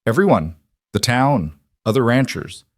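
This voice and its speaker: Man playing a hoarse, halting frontier husband, shy but resolute. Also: medium pitch, big pitch swings, no room sound, clean studio sound, voice pushed up. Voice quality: raspy. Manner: halting, repeats words.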